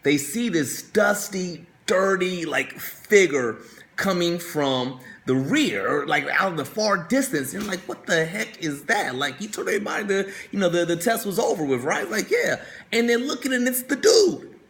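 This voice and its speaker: A man's voice: sits high, lively intonation, moderate pace, fairly bright tone. A male coach telling a story in a motivational talk, talking conversationally, repeating words and often asking "right?". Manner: conversational, keeps checking in with "right?".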